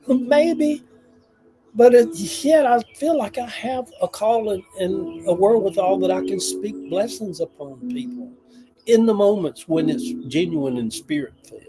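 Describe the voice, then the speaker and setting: A man's voice: high-pitched, a little slow, over music, low-quality recording. An older man, chatting casually and emotionally on a livestream, rambling and reading viewer comments aloud. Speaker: livestream host.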